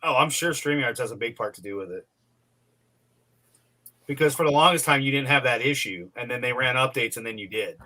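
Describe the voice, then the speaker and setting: A man's voice: mid-range voice, a little fast, long pauses, sharp tone. A man in his forties, a co-host, chatting casually and rambling with fillers, still tired while recovering. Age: 40s. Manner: rambling, full of fillers and restarts. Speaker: podcast co-host. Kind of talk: casual chat.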